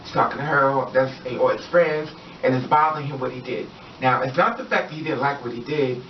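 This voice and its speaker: A man's voice: medium pitch, brisk, slight background noise. A man telling a story in a casual vlog, rambling with many fillers and acting out what the people in it say. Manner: rambling, repetitive, with many fillers and acted-out quotes. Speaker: vlogger. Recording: distant, roomy, dull lo-fi sound.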